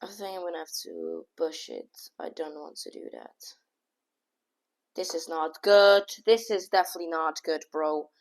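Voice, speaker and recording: A woman giving casual, excitable running commentary on her own chess game, thinking aloud move by move and often scolding herself. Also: sits low, normal speed, creaky. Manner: casual slang, says "bro" and "oh my god". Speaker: chess streamer.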